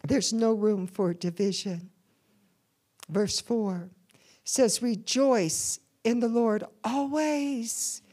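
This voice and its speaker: A woman's voice: on the high side, drawn-out words, mellow. A woman preaching a sermon in church, calling on the congregation to answer back. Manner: call-and-response preaching to a congregation.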